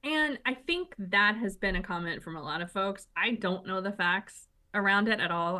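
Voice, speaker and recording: A woman's voice: lowish voice, sharp tone. A woman co-hosting a political talk show, giving opinions in a sardonic, point-by-point way.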